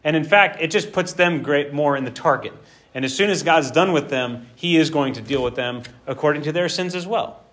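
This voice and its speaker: A man with a fairly high voice preaching in an animated, conversational sermon style. He leans into his points and acts out the scripture as he goes. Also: brisk. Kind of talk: expository sermon.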